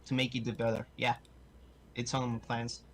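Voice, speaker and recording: Halting man. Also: medium pitch, level tone, slight background noise. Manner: halting, searches for words. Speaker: guest on stream. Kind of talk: casual chat.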